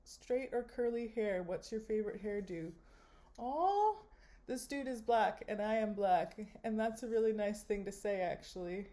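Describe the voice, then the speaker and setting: A young woman giving wry, deadpan running commentary while swiping through a dating app. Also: medium pitch, unhurried. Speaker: vlogger.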